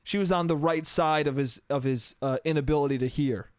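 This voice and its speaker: A man's voice: a little high, brisk, smooth, no echo, clean studio sound. A young adult man hosting a solo podcast, telling a story in a profane, exasperated rant with mocking asides. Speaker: podcast host.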